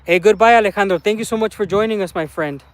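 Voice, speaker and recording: A man's voice: high voice, fast talker. A man chatting casually on a live stream outdoors in a garden, rambling with many fillers and greeting viewers.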